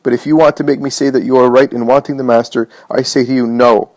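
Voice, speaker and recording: A man's voice: medium pitch, fairly even intonation, fast talker, a little mellow, dry recording, lightly acted. A man reading as fervent grieving woman Mary. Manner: impassioned, exhorting.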